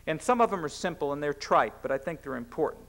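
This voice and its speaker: A man's voice: on the high side, expressive, gravelly, a bit bright. Earnest middle-aged man giving a policy speech. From United States. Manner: earnest, measured, some restarts. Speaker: cabinet secretary giving a speech. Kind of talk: formal public speech.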